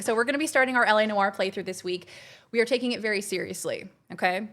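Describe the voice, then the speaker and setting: A woman's voice: medium pitch, fast, a bit bright. A woman streamer chatting casually and bubbly with her live chat from home while planning her week. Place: home, kitchen.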